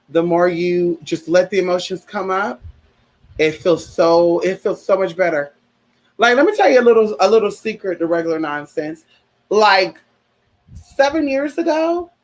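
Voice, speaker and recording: A man's voice: high voice, rough recording. A man hosting a casual livestream chat, sassy and chatty, calling his listeners honey and girl, and turning earnest and heartfelt when he talks about grief. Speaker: livestream host.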